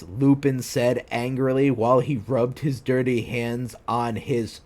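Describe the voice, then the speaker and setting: A man's voice: mid-range voice, steady tone, unhurried, a little mellow. A man streaming himself reading fan fiction aloud, stopping to mock it in disbelief and breaking into laughter. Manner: incredulous, mocking, breaks into laughter.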